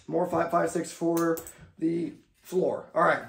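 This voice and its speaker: A man's voice: a little high, little pitch movement, slow pace, gravelly, reverberant, a little hiss or hum. A man giving a firearms lesson as an instructor, talking in a drill-like way and checking in with "okay?" after each step. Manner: drill-like, repeats "okay?" and key phrases. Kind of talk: instructional demonstration.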